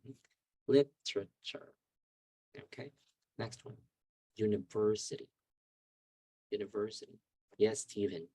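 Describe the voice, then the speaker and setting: A man with a slightly husky voice leads an online English class, calling on students by name and repeating words slowly so they can copy them. The sound is dry and close to the mic, as on a video call. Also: lowish voice, mellow, dry recording, low-quality recording. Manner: patient, drills words slowly for pronunciation. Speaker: English teacher. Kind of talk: online language lesson.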